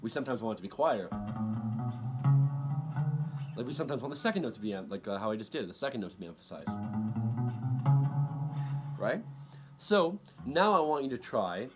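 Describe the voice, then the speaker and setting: A man giving a casual guitar lesson, talking in halting bursts with many restarts and counting beats aloud. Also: medium pitch, big pitch swings. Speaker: guitar teacher. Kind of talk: casual instructional talk over guitar playing. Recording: loud guitar playing behind the voice.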